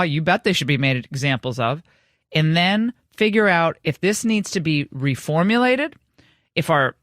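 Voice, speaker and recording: A woman hosts a talk show in a forceful, sharp-edged voice, brisk and teasing. Her opinions come out quick and plain. The sound is close and dry. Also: fairly low pitch, no echo. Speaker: talk radio host. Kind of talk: opinionated talk radio monologue and chat.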